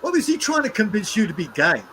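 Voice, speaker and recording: A man chatting on a stream, animated and quick to mock, swearing freely as he talks. His voice sits a little high for a man. A faint hiss of background noise hangs behind him. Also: low-quality recording. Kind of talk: casual chat.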